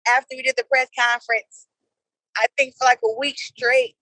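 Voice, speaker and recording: A woman with a high voice chats casually as an interview guest. She tells animated stories and laughs easily as she goes. Her voice is recorded close and dry, with no room echo. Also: moderate pace.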